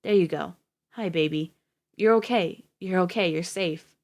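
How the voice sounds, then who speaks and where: A woman's voice: lowish voice, measured pace, darkish tone. A woman voicing a frantic young man who pleads in a raised, breaking voice. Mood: tender.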